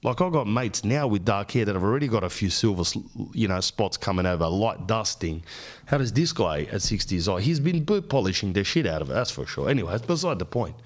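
A man's voice: lowish voice, big pitch swings, a little fast. A man in his thirties with an Australian accent, telling rambling, profane comic stories as a podcast host. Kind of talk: casual comic monologue.

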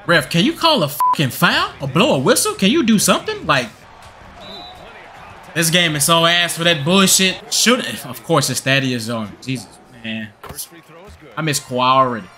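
Profane, ranting bright-voiced young man. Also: a little high, big pitch swings, normal speed. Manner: profane, frustrated ranting at the game. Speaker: gaming channel host. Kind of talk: gameplay commentary.

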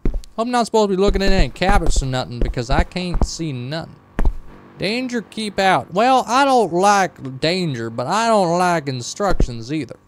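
A man voicing a folksy, rough country man during gameplay, with an uneven put-on country drawl. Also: high voice, expressive, normal speed, noisy background. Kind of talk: in-character gameplay commentary.

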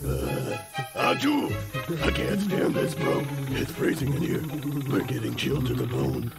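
A man's voice: mid-range voice, big pitch swings, measured pace, creaky, over loud music, exaggerated voice. A man voicing a hot-tempered male cartoon bear who bosses his brother around, blustering and exclaiming. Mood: blustery. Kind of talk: cartoon voice acting.

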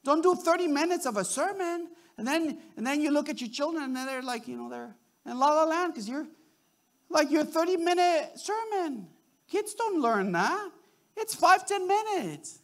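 A man preaching a sermon to a congregation, animated, often repeating words and restarting his sentences as he acts out little quotes. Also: very high voice, normal speed. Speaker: pastor.

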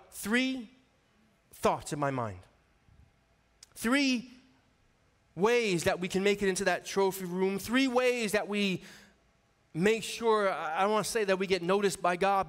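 A man's voice: sits high, a bit bright. A man in his forties from the New York area, an associate pastor preaching a sermon in a conversational, storytelling way and calling out to his congregation. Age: 40s. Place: church sanctuary. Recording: long reverb of a church hall.

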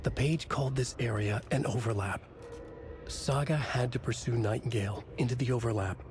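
An actor giving measured, brooding noir narration in short fragmented phrases for a video game. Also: male voice, mid-range voice, natural voice. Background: game music.

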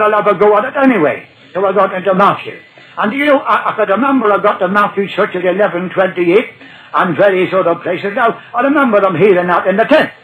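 An older man preaching a sermon, telling his own conversion story in a folksy way and quoting scripture slowly. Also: sits high, a bit bright, poor audio. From Ireland. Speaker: evangelist. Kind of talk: old recorded sermon testimony.

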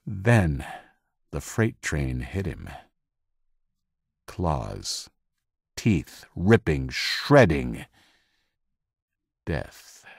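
A man reads an audiobook in a very deep voice, slow and measured, with lively swings of pitch for drama. The recording is dry and close. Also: vocal fry, husky, no room sound. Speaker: audiobook narrator. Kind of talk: scripted audiobook narration.

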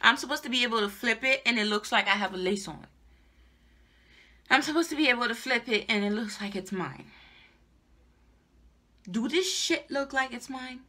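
A woman's voice: fairly high pitch, moderate pace, pauses often, pushed and bright. A young adult woman giving a casual, exasperated product review to her viewers, repeating herself and swearing. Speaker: hair reviewer vlogger.

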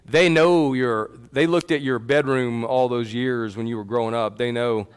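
A man's voice: medium pitch, steady tone, moderate pace, clean tone. A man preaching a sermon in a church, emphatic and conversational, calling on listeners by name. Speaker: pastor.

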